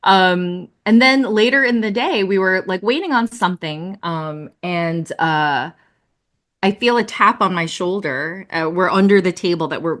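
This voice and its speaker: A woman puppeteer, a guest on a video-call interview, telling lively stories with lots of laughter and fillers. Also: on the low side. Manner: animated, laughing, many fillers. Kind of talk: casual interview storytelling.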